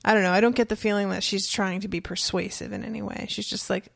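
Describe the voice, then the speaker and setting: Chatty woman with a gravelly edge. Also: medium pitch, steady tone, fast, no room sound, studio quality. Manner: chatty, laughs easily, retells scenes with quoted lines. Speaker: podcast co-host discussing a book. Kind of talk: casual chat recapping a story.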